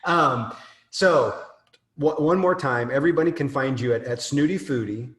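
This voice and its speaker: A man's voice: medium pitch, moderate pace, fairly bright tone. A man hosting a podcast, chatting in a rambling way with many fillers. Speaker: podcast host. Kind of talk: casual interview chat. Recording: roomy echo.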